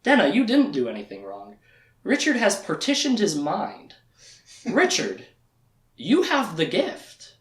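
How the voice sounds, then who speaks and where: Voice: medium pitch, wildly swooping pitch, a little slow, roomy sound. A speaker retelling a fantasy novel, voicing a scheming, powerful male wizard tyrant in a smug, bargaining tone.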